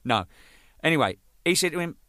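Ex-band drummer, animated swearing raconteur, bright and lively voice. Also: male voice, on the high side, fairly quick, no room sound, clean studio sound. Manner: swears freely, acts out the people in his stories. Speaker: drummer telling band anecdotes. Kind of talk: casual anecdotal storytelling.

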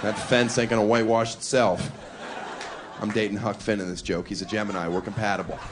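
A man's voice: on the low side, steady tone, a little fast. A male stand-up comedian doing a brash, provocative routine with wry asides on a club stage, into a handheld mic. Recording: live club audience with noisy room.

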